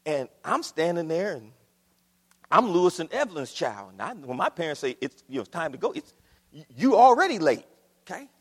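A man from Ohio preaching a sermon, swinging between loud declarations and quiet asides as he addresses the congregation. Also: on the high side, sing-song, a little fast, slightly rough, long reverb tail. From Akron, Ohio. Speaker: pastor.

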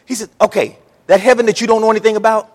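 A man preaching a sermon in a lively, folksy way, acting out the words he quotes. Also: high voice, very fast, long reverb tail. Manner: animated preaching, Southern folksy speech, acts out quotes. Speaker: pastor.

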